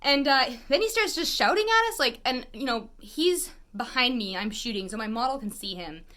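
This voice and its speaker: A woman photographer telling stories in a casual vlog, animated and wry, with lots of "like" fillers. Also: fairly high pitch, normal speed. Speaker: photographer and vlogger.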